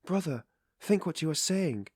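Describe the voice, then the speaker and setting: A man voicing an earnest young woman, a firm but gentle sister, in a raised, restrained voice. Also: fairly high pitch, brisk, no room sound, studio quality, voice pushed up, natural voice. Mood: earnest concern.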